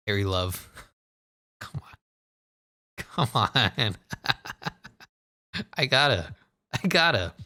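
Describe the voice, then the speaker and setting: A man giving casual, excitable commentary over a basketball video game, joking, laughing and swearing as he plays. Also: lowish voice. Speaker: gaming commentator.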